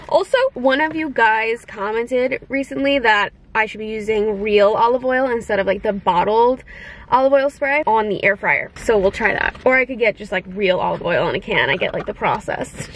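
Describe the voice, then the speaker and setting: A young woman in her twenties chatting casually to her viewers as she opens gifts, gushing and gasping with excitement. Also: fairly high pitch, background noise. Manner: gushing, excitable, gasps often. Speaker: vlogger. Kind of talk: casual unboxing chat.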